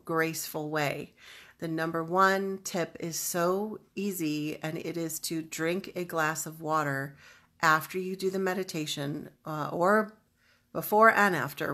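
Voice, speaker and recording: A woman spiritual teacher guiding listeners through a calm energy exercise, speaking slowly and stressing spoken declarations. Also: lowish voice. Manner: slow, soothing, emphatic declarations. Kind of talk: guided energy practice instruction. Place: home, livestreamed online event. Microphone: webcam or computer mic.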